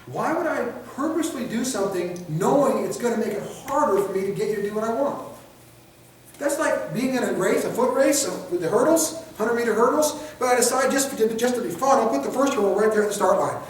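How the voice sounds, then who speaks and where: A very high-pitched, expressive man leads a training class, bantering with the group, peppering them with rhetorical questions and acting out brief street scenarios in quoted voices. The recording is distant and echoey, with a little hiss or hum.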